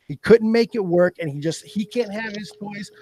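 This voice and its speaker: A man in casual podcast chat, telling stories in a profane, animated way. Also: sits high, moderate pace, no echo, studio quality. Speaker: podcast guest.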